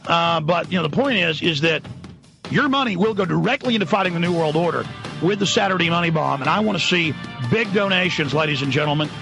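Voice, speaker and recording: A male radio show host delivering an impassioned, rambling monologue that shifts between low mutters and shouts. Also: fast, gravelly, music in the background. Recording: dry, dull lo-fi recording.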